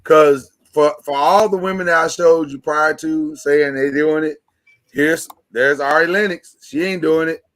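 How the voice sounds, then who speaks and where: Man, podcast host, casual discussion, emphatic, slightly high voice. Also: fairly even intonation, a little slow, a bit bright. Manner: emphatic, repeats words when starting a thought.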